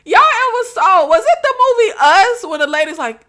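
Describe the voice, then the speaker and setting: A woman casually recapping a TV episode, animated, laughing often and acting out quotes. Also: very high voice, normal speed, few pauses. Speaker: recap vlogger.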